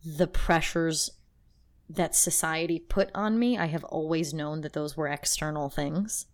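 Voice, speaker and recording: A woman's voice: low voice, steady tone, measured pace. A woman co-hosting a podcast, talking in a casual, emotional and rambling way with many restarts. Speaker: podcast co-host. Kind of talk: casual chat.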